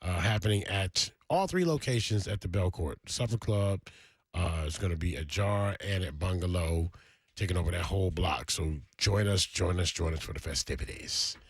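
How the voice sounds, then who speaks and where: A man hosting a morning radio show from a studio, with energetic, hype announcer delivery. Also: low voice, moderate pace, husky, no room sound. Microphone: studio microphone.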